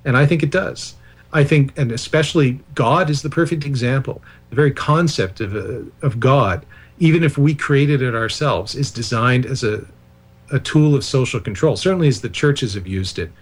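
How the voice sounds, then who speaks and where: A man's voice: medium pitch, normal speed. A man speaking as the guest author on a radio interview, explaining ideas at length with digressions and self-deprecating asides.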